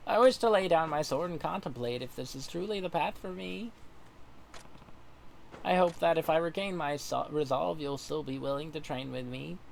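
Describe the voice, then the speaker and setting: A man's voice: moderate pace, vocal fry, slight background noise. A man voicing an earnest young foreign samurai in a formal, solemn manner, read aloud from a game. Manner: formal, solemn, high and strained.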